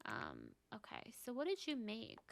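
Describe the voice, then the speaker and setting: A woman's voice: a little high, huge pitch swings, unhurried, gravelly. A woman chatting casually over her gameplay, narrating what her characters do with lots of fillers. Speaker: gameplay video creator. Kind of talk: casual let's-play commentary.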